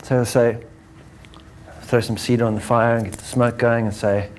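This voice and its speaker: A man giving a lecture to an audience, animated, acting out examples and ending points with "right?". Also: mid-range voice, normal speed, pauses often, a little hiss or hum. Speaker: speaker.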